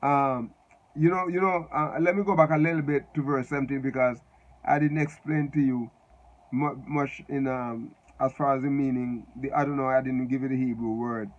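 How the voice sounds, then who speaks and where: A man giving unscripted Bible teaching, halting and repeating words as he spells out Hebrew letters. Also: medium pitch, steady tone, lo-fi sound.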